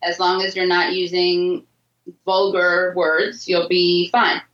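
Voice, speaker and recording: A woman's voice: on the low side, level tone, slow, a bit bright. A woman hosting a casual podcast chat, speaking in a dry, sarcastic way. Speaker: podcast host. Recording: roomy, dull-sounding audio.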